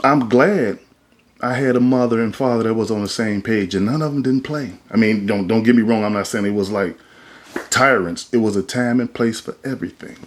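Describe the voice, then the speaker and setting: A man's voice: lowish voice, brisk. A man hosting a podcast, talking in a casual but sermon-like way, emphatic and colloquial. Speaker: podcast host. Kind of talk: casual preachy monologue.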